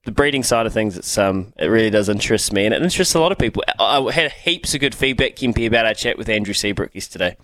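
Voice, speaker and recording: A man's voice: fairly low pitch, animated, fast talker, few pauses, fairly bright tone, no echo. A man hosting breakfast radio, talking enthusiastically and steering the show. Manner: enthusiastic, upbeat show-running. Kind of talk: casual radio chat.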